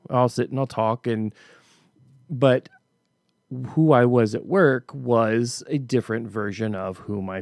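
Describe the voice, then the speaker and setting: Middle-aged male podcast host, gravelly voice, casual storytelling monologue, dry close recording. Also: fairly low pitch, darkish tone, no room sound. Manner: conversational storytelling with frequent restarts.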